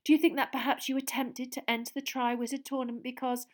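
A woman voicing a brisk, prying female gossip journalist who talks over others. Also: high-pitched, level tone, darkish tone, voice pushed up, natural voice. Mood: pushy.

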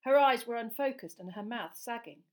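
A woman's voice: a little high, normal speed. Woman reading an audiobook aloud. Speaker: audiobook reader. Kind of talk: audiobook narration.

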